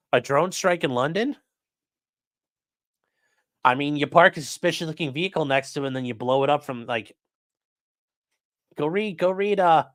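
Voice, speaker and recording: A fairly high-pitched man hosts a crime news livestream in clean studio sound without echo. His delivery is casual and blunt, with occasional swearing, and he reads out comments from viewers.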